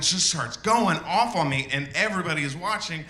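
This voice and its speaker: A comedian telling a personal story on stage, halting with fillers and bursting into shouted quotes. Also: male voice, fairly high pitch, expressive, echoey room.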